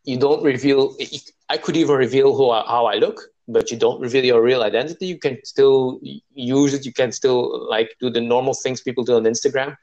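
A man in a casual conversation, speaking haltingly as he searches for words. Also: mid-range voice, fairly even intonation, a little mellow, dull audio. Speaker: guest writer.

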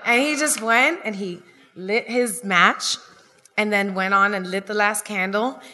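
A woman on a comedy stage tells a family story to a live audience, with a bright, forceful voice. She slips into the voices of the people in the tale, and her words ring out with a long hall reverb. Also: medium pitch, measured pace. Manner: lively, acts out the people she quotes. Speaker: stand-up comedian telling a story.

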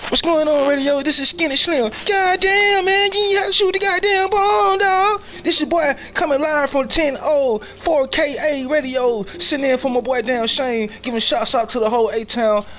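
A man voicing a hyped male radio DJ who shouts out to listeners. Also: extremely high pitch, fairly even intonation, moderate pace, hardly any pauses, soft background music. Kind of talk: comedy skit voices.

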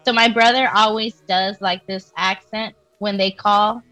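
A woman co-hosting a casual podcast chat, animated and quick to laugh. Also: mid-range voice, rough recording. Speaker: podcast co-host.

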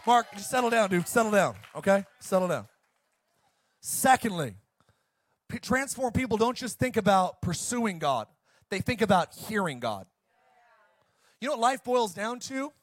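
Male pastor, middle-aged, high voice, passionate shouting sermon with quiet story passages, dry recording. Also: big pitch swings, moderate pace, long pauses, no room sound. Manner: fired-up, shouting preacher who swings down to soft storytelling.

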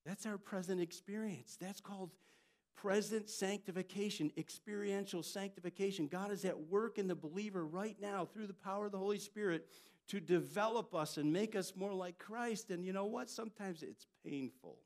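An older man, a pastor, preaching a sermon and telling family stories with lively jumps in loudness. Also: high-pitched, normal speed. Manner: storytelling, animated delivery with jumps in loudness.

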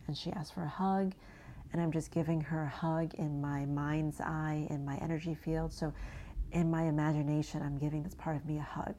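A woman from New England gently guiding an inner child visualization, speaking softly and slowly and often dropping to a hushed near-whisper. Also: low-pitched, flat delivery, a little hiss or hum. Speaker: inner child and energy work guide.

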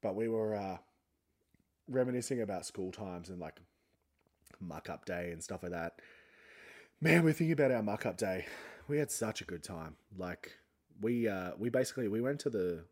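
A man's voice: fairly low pitch, animated, normal speed, pauses often. A young man hosting a solo podcast, talking a little funny from a sore jaw after having his wisdom teeth out, in a rambling, chatty, self-mocking way. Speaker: podcast host. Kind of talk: casual solo podcast chat.

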